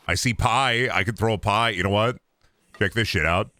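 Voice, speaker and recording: A young man giving loose, joking commentary while he plays a video game, rambling and swinging between loud outbursts and low mutters. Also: normal speed, no room sound. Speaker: gaming streamer. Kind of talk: casual gameplay commentary.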